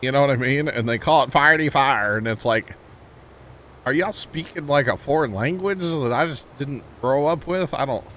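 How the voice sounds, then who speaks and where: A livestream gamer from Missouri, speaking with a St. Louis accent, rambles and laughs easily as he chats with viewers during a game. His voice is medium-pitched, a bit bright, and moderately paced, and slight background noise can be heard.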